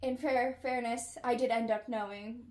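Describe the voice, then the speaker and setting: A woman's voice: on the high side, fairly even intonation, normal speed, darkish tone, echoey room. A young woman chatting casually with a friend, laid-back and frank, often giving short agreements. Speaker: guest friend. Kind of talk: casual chat.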